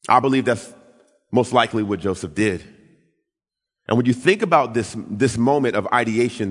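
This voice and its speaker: A male pastor preaching in a church sanctuary, his voice mid-pitched and lively. He tells stories and jumps into quoted voices with big rises and drops in pitch. A long reverb hangs after each phrase. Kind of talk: sermon with storytelling.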